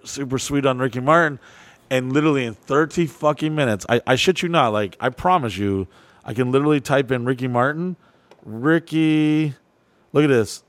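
Brief: higher-voiced male podcast host, dry close mic, profane rowdy storyteller. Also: dry recording. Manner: rowdy, animated storytelling with put-on quotes. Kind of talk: profane casual chat. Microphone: studio microphone and headphones.

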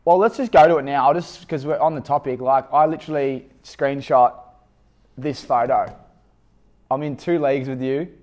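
A chatty Australian man with a mid-pitched voice hosts a casual podcast. He talks in a matey, easygoing way with an old teammate. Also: fairly even intonation, moderate pace, a little mellow. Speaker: podcast host, former teammate. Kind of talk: casual interview chat.

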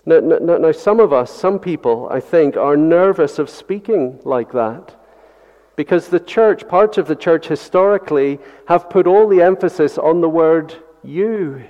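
A man's voice: on the high side, measured pace. A man preaching a Sunday sermon, earnest and repetitive, with rhetorical questions to the congregation. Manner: earnest, repeats key phrases, rhetorical questions. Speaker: pastor. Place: church. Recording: dull sound with long hall reverb.

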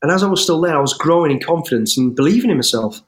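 A middle-aged man, an interview guest telling his life story in an animated, rambling way with restarts and swearing. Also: a little high, racing. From English West Midlands. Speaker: interview guest, former soldier. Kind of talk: storytelling in conversation.

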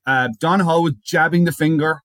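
A man with a fairly high voice spins a story for his co-hosts, circling back and repeating words as he builds it. The sound is close and dry, with no room around it. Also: normal speed, dry recording. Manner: animated retelling, repeats words as he goes. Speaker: podcast co-host. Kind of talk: casual chat, storytelling.

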